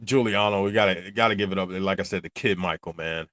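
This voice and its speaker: A man's voice: low-pitched, fast talker, a bit bright, dry recording, clean studio sound. A man who hosts a reaction channel, talking casually and animatedly, rambling and laughing often. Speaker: channel host reacting to a film.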